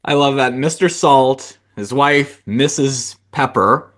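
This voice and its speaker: A man's voice: mid-range voice, slow, fairly bright tone. Male podcast host, mid-range voice, easygoing and hesitant. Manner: hesitant, many fillers and restarts. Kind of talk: casual interview chat.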